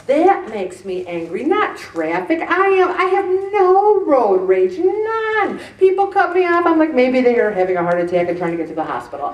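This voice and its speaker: A woman giving an animated, joking, self-deprecating faith talk to a group. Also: sits high, slight background noise. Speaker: speaker addressing a group. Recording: echoey room, mic at a distance.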